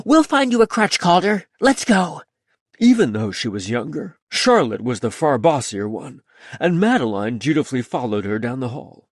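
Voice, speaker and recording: Male audiobook narrator, first-person storytelling, lively pitch, dry booth sound. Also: no room sound.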